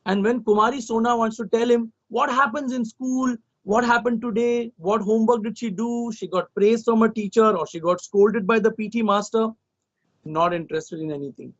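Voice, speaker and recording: Animated storyteller, high male voice. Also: moderate pace. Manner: animated, sensory, addresses listeners. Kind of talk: children's storytelling. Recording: dull lo-fi recording.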